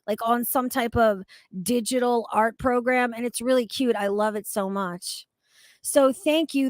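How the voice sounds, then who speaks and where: A woman chatting casually on a livestream, animated and swearing freely as she rants. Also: a little high, no echo. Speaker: streamer.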